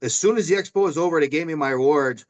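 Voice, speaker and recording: Man, guest, lively storyteller, slightly high voice, casual chat. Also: fast talker, lo-fi sound. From Illinois. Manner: animated, acts out his own yelling in stories. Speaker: guest, former semi-pro football player.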